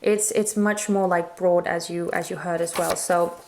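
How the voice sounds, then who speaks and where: A woman's voice: lowish voice, steady tone, normal speed, darkish tone. A woman giving a casual spoken tarot reading, musing and hesitant with many fillers and restarts, her throat a little strained. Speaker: tarot reader.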